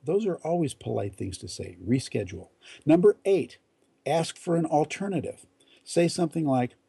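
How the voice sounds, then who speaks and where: Gravelly-voiced man giving measured advice. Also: a little high, sing-song, dark tone, no room sound. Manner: measured, deliberate delivery with quoted example lines. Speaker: etiquette instructor. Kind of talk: numbered advice talk to camera.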